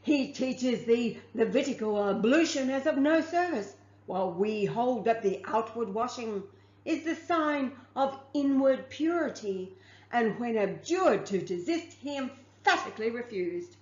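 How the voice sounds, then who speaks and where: A woman's voice: a little high, expressive, unhurried, darkish tone. A woman reading aloud from a religious text and stopping to comment on it, formal as she reads and chatty in her asides. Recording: muffled, echoey room.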